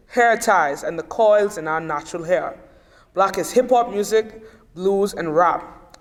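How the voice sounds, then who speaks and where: A young man with a notably high voice declaims a spoken-word poem with pride, giving each line weight. A long reverb hangs behind him, as if he is in a large room. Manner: proud, declamatory delivery. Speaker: student poet. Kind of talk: spoken-word poetry reading.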